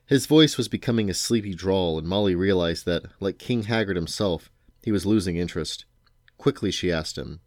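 A man reading a novel aloud to his sons at home, at a steady, unhurried pace. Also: low voice, no room sound, clean studio sound. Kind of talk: bedtime storybook reading.

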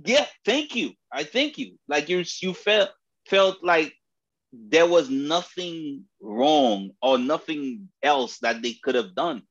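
A man's voice: a little high, big pitch swings, takes it slowly. Hesitant man on dull lo-fi audio. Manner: hesitant, searches for words, laughs easily. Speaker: sports podcast co-host. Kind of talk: casual football chat.

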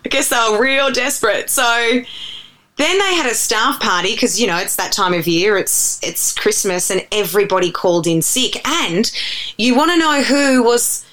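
A woman's voice: on the high side, lively intonation, normal speed, a bit bright, poor audio. An Australian radio presenter, a woman, chatting animatedly as a guest in an interview, telling stories at length. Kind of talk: casual interview chat.

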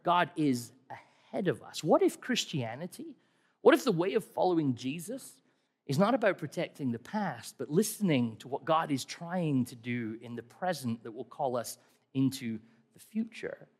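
A man's voice: a little high, very animated, normal speed, husky. A middle-aged man preaching a sermon in a conversational, wry way, asking many rhetorical questions. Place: church hall. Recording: long hall reverb.

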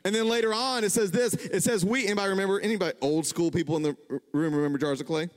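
A man preaching a sermon, conversational and animated, building to emphatic peaks. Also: sits high, rapid-fire. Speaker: pastor. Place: church hall. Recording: reverberant church hall.

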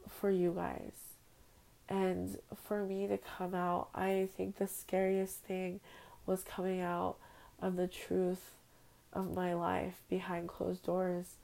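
A woman's voice: lowish voice, vocal fry, warm tone, poor audio. A young woman hosting her own podcast, recording at home on her phone and talking in a heartfelt, rambling, emotional personal monologue. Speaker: podcast host. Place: at home on a bed.

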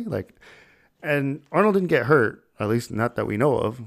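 This podcast host speaks at a medium pitch with lively intonation, taking his time and leaving long pauses. His storytelling is casual and rambling, peppered with fillers and laughs.

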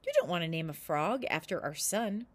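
A woman voicing a doubtful old husband in a folk tale, a little lower than her own voice. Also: animated, normal speed. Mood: dismissive.

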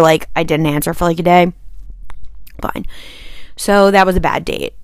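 A young woman hosting a podcast, telling a personal story in a chatty, animated way and acting out what people said. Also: on the low side, vocal fry, no room sound. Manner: chatty, animated, acts out quotes with sighs and asides. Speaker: podcast host. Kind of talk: casual storytelling monologue.

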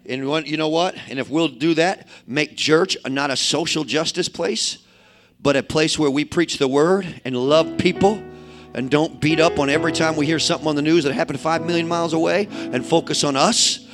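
Fiery high-voiced evangelist man. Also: normal speed, music in the background. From inner-city St. Louis, USA. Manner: swings from quiet asides to shouted exhortation, folksy. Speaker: evangelist preacher. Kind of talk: fiery sermon. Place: church service with congregation.

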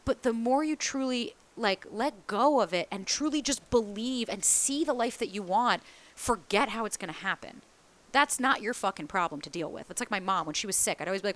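A woman in her thirties who talks fast and candidly in a relaxed podcast chat. She is animated, swears freely and slips into the voices of people she quotes. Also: a little high. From East Coast of the US. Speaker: small business founder. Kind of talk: casual podcast conversation.

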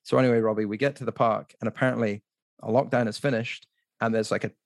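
A man's voice: mid-range voice, fairly even intonation, fast talker, no room sound, studio quality. A man speaking as a podcast guest, telling a story in a casual, rambling way with lots of "like" and restarts.

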